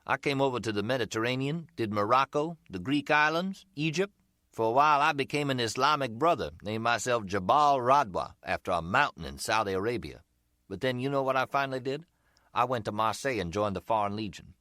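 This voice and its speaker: A man's voice: medium pitch, expressive, fairly quick, bright, forceful tone, no echo, studio quality, voice pushed up. Man doing a slangy streetwise hustler. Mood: chatty. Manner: slangy, chatty, teasing. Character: slick streetwise male umbrella hustler, middle-aged, easygoing.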